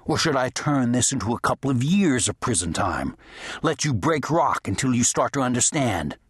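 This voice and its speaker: A man voicing a stern frontier sheriff, speaking low, firm and measured. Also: sing-song, husky, dry recording. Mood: harsh.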